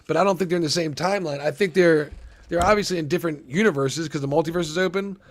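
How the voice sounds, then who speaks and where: Guy reacting to a trailer, kinda high voice, swears a lot, rambles and restarts constantly. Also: fast. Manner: rambling, profane, excitable, stop-start. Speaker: movie reaction host. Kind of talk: casual trailer reaction chat.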